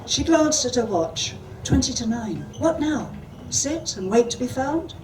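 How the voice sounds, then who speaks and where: A woman author reads her own prose with a measured delivery and answers questions firmly. She sounds distant from the microphone, and there is clear background noise at the event. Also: a little high, expressive. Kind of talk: reading fiction aloud at a panel. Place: event hall.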